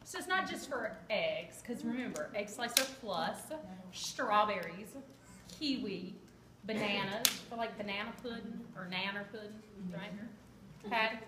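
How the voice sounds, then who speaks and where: A woman's voice: mid-range voice, animated, unhurried. A woman giving a chatty, joking live cooking demonstration and quizzing her audience. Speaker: kitchen product demonstrator. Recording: echoey room with background noise.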